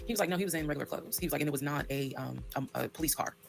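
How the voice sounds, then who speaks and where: Fast-talking gravelly woman telling her story. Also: low-pitched, soft background music. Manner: candid, profane, acts out quoted dialogue. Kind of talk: storytime monologue.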